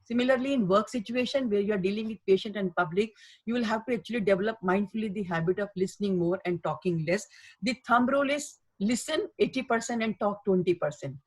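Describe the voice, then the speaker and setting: A woman delivers a webinar talk on workplace communication, pressing her points with earnest repetition and long lists of qualities. Her voice sits at an ordinary middle pitch for a woman and comes through a webinar microphone. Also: fast talker, breathy edge, poor audio. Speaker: healthcare communication trainer. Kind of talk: webinar lecture.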